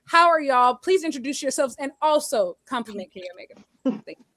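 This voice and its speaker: A woman's voice: high voice, expressive, brisk, fairly bright tone, slight background noise. A woman co-hosting a live charity stream, introducing guests in a rambling, playful way over a video call. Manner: rambling introductions, many ums and restarts, playful. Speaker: stream co-host. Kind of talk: casual chat on a live stream.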